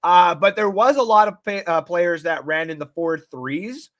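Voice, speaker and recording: A man hosting a casual live-stream sports talk show, swearing often, rambling excitedly and reading out viewer comments. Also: sits high, moderate pace. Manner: reads out and thanks chat viewers.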